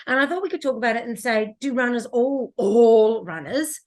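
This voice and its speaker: A fairly high-voiced woman co-hosts a casual podcast about running. She tells stories in a lively, chatty way and laughs often between her points. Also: moderate pace. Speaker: podcast co-host, running coach. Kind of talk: casual chat.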